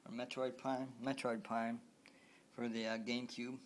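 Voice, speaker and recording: Brief: male vlogger, mid-pitched voice, rambling and halting, faint background noise. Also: little pitch movement. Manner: halting and repetitive, many restarts. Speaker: video game vlogger. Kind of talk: rambling home video chat.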